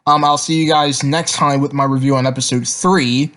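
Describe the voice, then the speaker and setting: A man hosting a casual cartoon review, talking in a rambling way full of ums and restarts. His voice sits at an ordinary middle pitch. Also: steady tone, normal speed, a bit bright. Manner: rambling, filler-heavy, repeats words.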